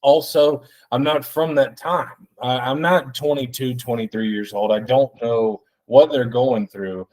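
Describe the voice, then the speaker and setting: A man in his thirties hosting a solo podcast, rambling and excitable with plenty of swearing. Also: mid-range voice, measured pace, few pauses. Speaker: podcast host.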